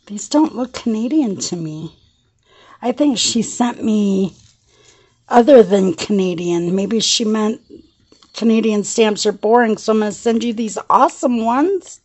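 A woman chatting through a casual craft show-and-tell vlog, gushing and excitable, laughing often and shaky with excitement. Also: mid-range voice, measured pace, slightly rough. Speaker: craft vlogger.

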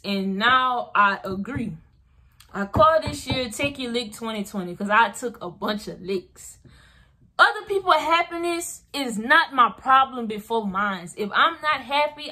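A young woman talks straight to her viewers in a motivational vlog, repeating her points with emphasis and calling them y'all. Her voice sits a little high and comes across bright and forceful. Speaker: vlogger.

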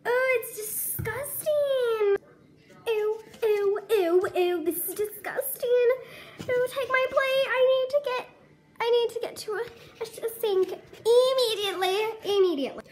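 A woman's voice: high-pitched, animated, unhurried. A woman voicing a young mare in a toy horse role-play video, squealing and frantic with disgust.

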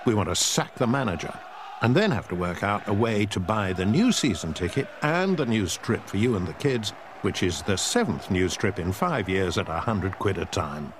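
Male narrator, low lively voice, dry humour, noisy backdrop. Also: normal speed. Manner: wry, sardonic delivery. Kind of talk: scripted comic narration.

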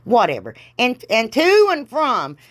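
A middle-aged crafting vlogger from Ohio, US, with a Southern accent, rambles through a casual crafting tutorial, sounding congested from allergies. Her slightly high voice swoops wildly in pitch and runs a little slow, peppered with folksy exclamations and self-deprecating jokes.

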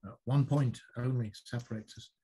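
A man's voice: medium pitch, steady tone, normal speed, dark tone, low-quality recording. A man co-hosting a podcast and answering horror trivia, talking casually and searching for words with ums and restarts. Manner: hesitant, with many ums and restarts. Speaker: podcast co-host and trivia player.

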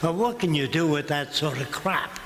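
A man's voice: fairly high pitch, lively intonation, normal speed. An older man giving a public lecture in a blunt, combative and sarcastic way. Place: lecture hall. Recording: echoey hall, room noise.

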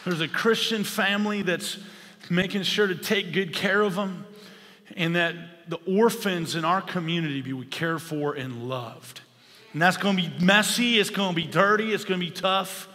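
Fired-up male preacher, bright tense tone, long reverb of a church hall. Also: high-pitched. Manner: impassioned, rising to shouts. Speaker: pastor. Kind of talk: sermon.

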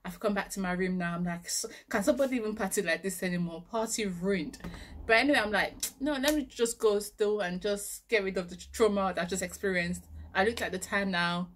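A woman's voice: medium pitch, fairly quick, a little hiss or hum. Young woman from nigeria telling a funny story, keeps laughing, does her own panicky voice. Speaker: vlogger. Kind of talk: animated storytelling.

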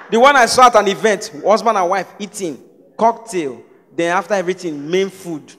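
A man with a Nigerian accent doing lively stand-up comedy on a live stage, acting out characters. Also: high-pitched, moderate pace, a faint crowd. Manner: animated, acts out characters. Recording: stage mic in a reverberant hall.

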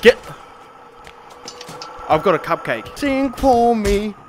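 A man's voice: high voice, big pitch swings, slow. A young man playing a horror game, swearing and yelping with fright as he talks over it. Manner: swearing, yelping and shrieking at jump scares. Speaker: gaming YouTuber. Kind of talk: horror game playthrough commentary. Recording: game music loud behind the voice.

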